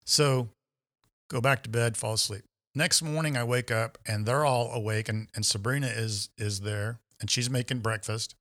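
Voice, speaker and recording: A man's voice: mid-range voice, normal speed. A man on a podcast telling a story in casual chat, acting out the voices of the people in it. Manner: animated storyteller, acts out quoted voices.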